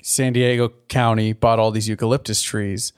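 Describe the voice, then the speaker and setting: A man's voice: on the low side, little pitch movement, normal speed, clear, resonant tone. A man co-hosting a podcast, rambling in casual chat, swearing freely and laughing often. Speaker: podcast co-host.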